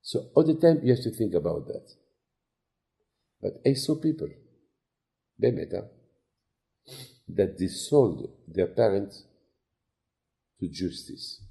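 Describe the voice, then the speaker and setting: Gravelly dark-voiced rabbi preaching. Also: male voice, lowish voice, sing-song, unhurried, long pauses. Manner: non-native phrasing, storytelling with quoted dialogue. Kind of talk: sermon.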